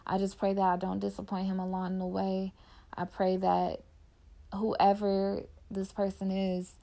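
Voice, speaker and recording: Her warm, medium-pitched voice carries vocal fry and stays monotone, moving a little slowly. She's a young podcaster musing casually and sincerely about her own life, leaning hard on the word "like."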